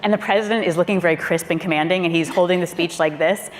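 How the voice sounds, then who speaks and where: Animated woman telling a story in a hall. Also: on the low side, fast. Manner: animated storyteller, acting out quotes, laughing often. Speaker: former presidential speechwriter on a panel. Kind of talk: lively anecdote told to a live audience. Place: auditorium panel event. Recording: long hall reverb, faint room noise.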